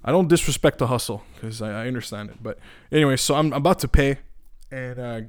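A man's voice: mid-range voice, fast talker, no echo, studio quality. A young man from Eastern Europe, ranting casually with lots of swearing, restarts and fillers. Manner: profane, animated, many restarts and filler words. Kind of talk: casual rant.

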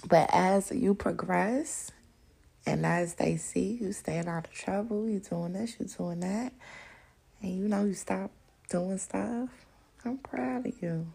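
A woman hosting a podcast, talking bluntly and profanely straight to her listeners, animated and often laughing. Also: mid-range voice, slow, gravelly, slightly rough. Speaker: podcast host. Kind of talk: casual chat, open discussion monologue.

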